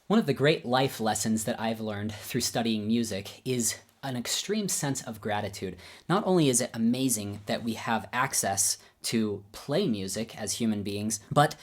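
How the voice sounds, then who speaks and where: A man's voice: lowish voice, normal speed. A man who is a concert pianist and teacher, telling personal stories in a friendly, self-deprecating way. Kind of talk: casual personal storytelling.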